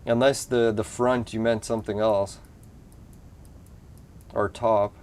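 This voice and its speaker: With clear game music in the background, a man gives offhand commentary on his own play as a channel host, muttering curses in frustration while his team loses. His lowish voice is slow, a little mellow, and shows little pitch movement.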